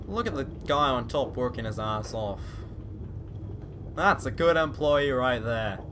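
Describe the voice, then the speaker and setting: A young man giving casual let's-play commentary, swearing often and bursting out excitedly between mumbled asides. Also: mid-range voice, a little slow, long pauses, noisy background. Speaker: gameplay video host.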